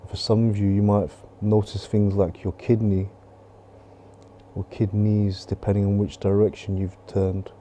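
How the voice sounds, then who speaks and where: A qigong teacher talks his class through stretches and breathing, calm and patient, coming back to the same gentle cues. His voice sits a little low and mellow. It is caught on a close mic while he moves, with a faint hiss underneath. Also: measured pace. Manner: calm, coaching with gentle repetition. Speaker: qigong instructor. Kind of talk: guided movement and breathing class. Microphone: close clip-on mic while moving.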